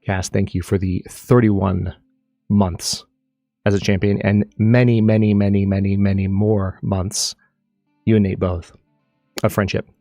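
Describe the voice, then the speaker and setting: A man's voice: on the low side, flat delivery, unhurried, mellow, no echo, clean studio sound, faint music behind. A man hosting his own live stream, chatting casually and animatedly, rambling with restarts while he plays a game. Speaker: streamer and channel host.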